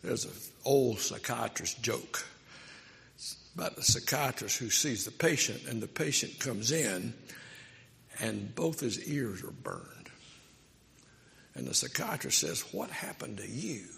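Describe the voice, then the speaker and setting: A man's voice: mid-range voice, very animated, slow, creaky, long pauses, a bit bright, slightly rough, long reverb tail. A man preaching a sermon, telling stories in a conversational, emphatic way. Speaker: pastor.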